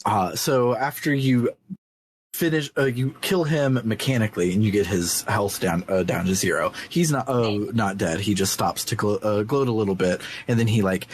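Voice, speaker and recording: A man co-hosting a podcast, casually recapping a game's story in a halting way, with many fillers and restarts. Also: on the low side, a little hiss or hum. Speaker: podcast co-host.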